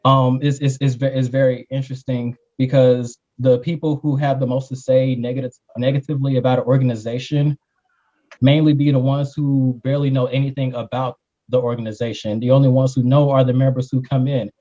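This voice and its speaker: Blunt panelist man, dark tone, restarts his words, dull lo-fi call sound. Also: medium pitch, little pitch movement, a little fast. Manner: emphatic, blunt, repeats words when starting. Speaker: panelist, fraternity member. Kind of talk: panel discussion.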